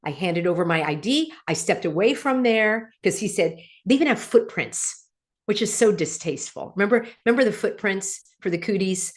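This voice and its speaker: A middle-aged woman speaks straight to her viewers, riled up and sarcastic. Her pitch sits in an ordinary middle range, but it keeps leaping up for outraged questions and dropping low for dry asides. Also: animated, normal speed. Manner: indignant, sarcastic, wide swings between loud outbursts and low asides. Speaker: channel host. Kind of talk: animated opinion vlog.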